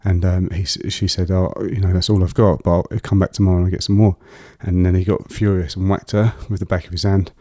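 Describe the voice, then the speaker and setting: A deep-voiced man speaks in a low, even tone that barely rises or falls. His story comes out halting, full of fillers and restarts. The sound is close and dry. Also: no room sound. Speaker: guest. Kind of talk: personal storytelling in an interview.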